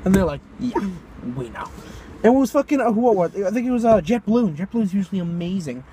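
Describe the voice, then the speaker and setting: A young man with a high voice co-hosts a casual podcast, telling rowdy stories and acting out every voice. He laughs often. A faint hiss sits under the recording. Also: lively intonation, very fast. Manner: rowdy storyteller, acts out voices, laughs a lot. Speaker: podcast co-host. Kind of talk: casual chat.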